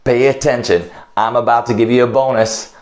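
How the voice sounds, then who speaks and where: A man's voice: mid-range voice, fairly even intonation, normal speed, darkish tone. A man with an American accent teaching phrasal verbs in a video lesson. He explains each one, mixes in Portuguese, and acts out short phone calls. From United States. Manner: switches between English and Portuguese explanations. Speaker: English teacher.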